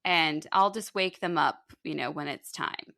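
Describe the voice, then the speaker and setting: A woman's voice: sits low, a little slow, vocal fry, sharp tone, pitched below the performer's own voice, full character voice. A woman voicing a stern all-powerful father god who scolds and lectures his son. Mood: scolding.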